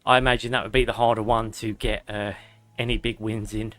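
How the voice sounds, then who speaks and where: A young man plays a video game on stream and chats casually with his viewers, reading chat aloud and now and then swearing. His voice is lowish and a bit bright, with a level tone and a fairly quick pace. Game music plays in the background.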